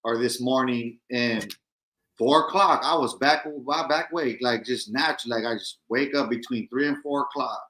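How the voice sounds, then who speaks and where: A man in his late forties with a bright, forceful voice. He talks in a laid-back, streetwise way full of profanity, in an easy, casual conversation. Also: medium pitch, normal speed, rough recording. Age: 40s. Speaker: podcast co-host. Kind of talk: casual chat.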